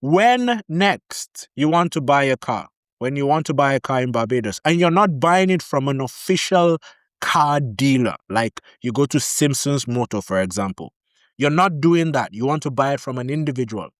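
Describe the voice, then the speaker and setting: A man's voice: mid-range voice, moderate pace, no room sound, clean studio sound. A man vlogging casual advice, telling stories animatedly and repeating key warnings for emphasis. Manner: animated storytelling, acting out both sides of arguments. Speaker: vlogger giving advice on living in Barbados. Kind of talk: casual advice talk to camera.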